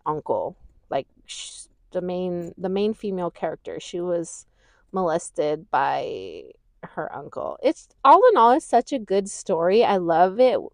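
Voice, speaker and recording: Chatty, low-voiced woman podcaster. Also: no echo, studio quality. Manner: chatty, rambling, swears freely; laughs easily, gushing and animated. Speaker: podcast host. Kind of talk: casual chat.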